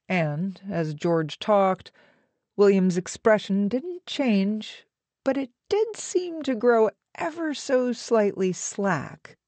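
A woman narrating an audiobook with an even, measured reading. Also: on the low side, no room sound.

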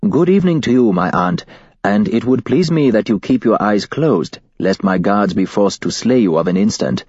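A man voicing a calm, compassionate royal figure who speaks formally in a storybook reading. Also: on the low side, moderate pace, slightly rough, dry recording, dull audio. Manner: gentle, formal. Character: calm commanding male royal, gentle and compassionate.

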